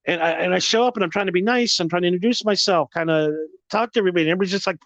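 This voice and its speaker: Podcast host, man, high-pitched, foul-mouthed emphatic rant, dry muffled lo-fi sound. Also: racing, few pauses, fairly bright tone, no echo. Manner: profane, emphatic, repetitive ranting. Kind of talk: profane ranting monologue.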